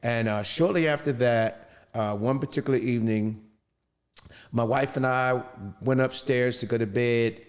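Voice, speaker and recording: Halting middle-aged man in long reverb. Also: medium pitch. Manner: halting, with many restarts and fillers. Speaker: interviewee. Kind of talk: personal storytelling.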